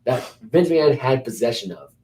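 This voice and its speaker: A man co-hosting a casual wrestling recap, blunt and ranting, quick to call things terrible. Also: mid-range voice, lively intonation, a little mellow. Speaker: podcast co-host.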